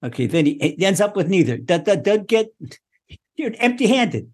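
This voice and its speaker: Guy teaching a torah class, husky voice, really lively pitch, repeats himself a lot. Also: moderate pace. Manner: animated, repeats words, acts out quoted speech.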